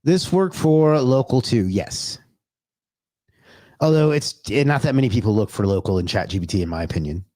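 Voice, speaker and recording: A man hosts a livestream in a loose, rambling chat, greeting viewers by name and cursing under his breath when things go wrong. His voice sits at an ordinary middle pitch. The sound is dry and close, with no room around it. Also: lively intonation, normal speed, mellow, dry recording. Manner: loose and chatty, swears, talks to himself. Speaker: livestream host.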